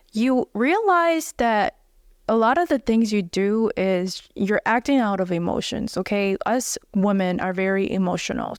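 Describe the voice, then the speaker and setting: A woman's voice: mid-range voice, darkish tone, clean tone, no echo, clean studio sound. A young woman giving an earnest, direct motivational self-help talk as a wellness coach. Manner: earnest and direct, blunt at times.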